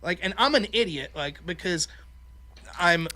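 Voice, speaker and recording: A male call-in host with a high, bright voice. He chats casually and swears freely. He tells stories with lots of energy and slips into quick impressions of the people he quotes. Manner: profane, animated storyteller.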